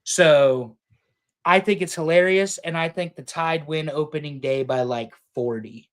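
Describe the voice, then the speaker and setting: Male co-host, a bit higher-pitched, opinionated, jokey, swears freely in casual sports banter. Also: a little slow. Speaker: podcast co-host.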